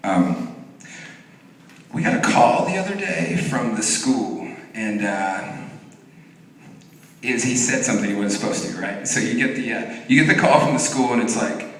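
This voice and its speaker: This stand-up comic, a man in his thirties, speaks at normal speed with a medium-pitched voice, and there's a little hiss or hum. Before a live audience he tells profane, animated stories and does voices, captured from afar in an echoey hall.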